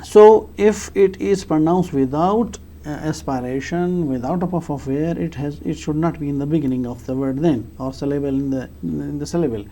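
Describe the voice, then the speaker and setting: A teacher giving a lecture, halting and full of fillers, repeating key phrases to make points clear. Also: mid-range voice, warm tone. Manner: halting, with frequent fillers and restarts. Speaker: English teacher. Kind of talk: explanatory lecture.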